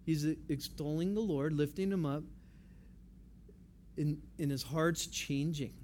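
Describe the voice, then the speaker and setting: A man with a fairly high voice preaches a sermon in a relaxed, conversational way. He repeats key phrases to drive his points home. A faint hiss of room noise sits behind him. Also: slow pace. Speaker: pastor.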